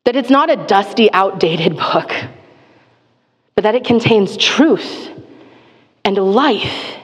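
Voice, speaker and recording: A woman's voice: mid-range voice, animated, slow. A woman giving a conversational sermon, candid and chatty with frequent filler words and self-deprecating asides. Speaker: preacher teaching a Psalm. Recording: long reverb of a large hall.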